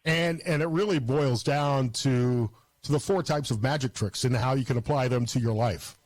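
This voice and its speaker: A middle-aged man hosting an interview show, talking in a halting way and repeating words as he thinks. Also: medium pitch, a little mellow. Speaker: radio show host. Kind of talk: interview conversation.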